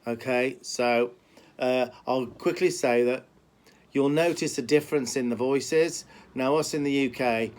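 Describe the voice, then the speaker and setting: A man from Birmingham with a softened Brummie accent, a horse trainer talking casually to camera and often repeating himself with fillers. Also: medium pitch, a little slow. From Birmingham, England. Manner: rambling, repeats words, many fillers. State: limping.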